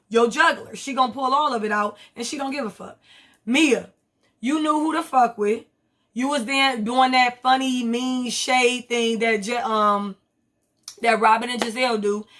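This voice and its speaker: A woman rambles through a reality TV recap, blunt and swearing freely. Her voice sits a bit high and sounds bright and forceful. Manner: blunt, profane, rambling commentary with quoted asides. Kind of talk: casual vlog recap.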